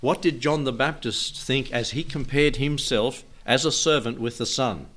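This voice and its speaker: A man's voice: mid-range voice, normal speed, a bit bright. An older man preaching a Bible teaching sermon in a folksy way, chuckling often and asking his listeners questions.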